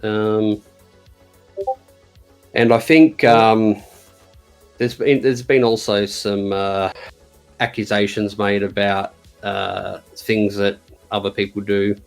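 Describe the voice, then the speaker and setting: Hesitant man, low voice. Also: flat delivery, takes it slowly, long pauses, soft background music. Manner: hesitant, many ums and restarts. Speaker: podcast guest. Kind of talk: casual chat.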